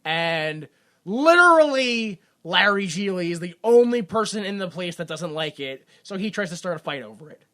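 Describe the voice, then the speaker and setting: A woman's voice: lowish voice, sing-song, moderate pace, fairly bright tone. A woman co-hosting a podcast, casually recapping a film and acting out the characters' lines with plenty of laughter. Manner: rambling, acts out characters' lines, laughs a lot. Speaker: podcast co-host. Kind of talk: casual movie recap chat.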